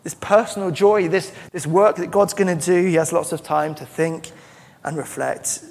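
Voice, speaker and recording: A man's voice: a little high, fairly even intonation, normal speed, gravelly, a little mellow. A man preaching a sermon as pastor, earnest and emphatic, often restarting his phrases. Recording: long church-hall reverb.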